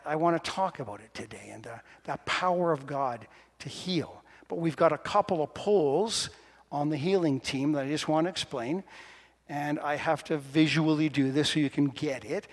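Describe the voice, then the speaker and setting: A man preaching a sermon in a lively, playful, conversational way to his congregation. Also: a little high. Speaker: pastor. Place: church sanctuary. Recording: long reverb of a church hall.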